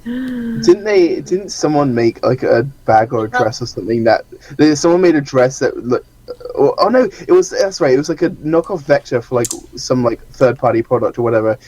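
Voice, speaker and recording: A man co-hosting a podcast in casual chat, retelling stories haltingly with lots of "like". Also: mid-range voice, lively intonation, darkish tone, poor audio. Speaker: podcast co-host.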